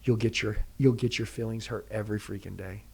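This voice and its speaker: A man with a husky voice and a darker, mellow tone pushes a motivational pitch. He is direct and preachy and fires off one rhetorical question after another. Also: steady tone, brisk. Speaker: sales trainer, podcast guest.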